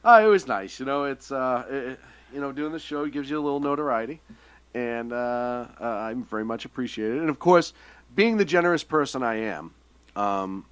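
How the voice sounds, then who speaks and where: A man's voice: medium pitch, normal speed, clear, resonant tone. A man co-hosting a casual podcast, joking and mock-bragging in easy banter. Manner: wisecracking, mock-boastful. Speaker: podcast co-host. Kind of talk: casual chat.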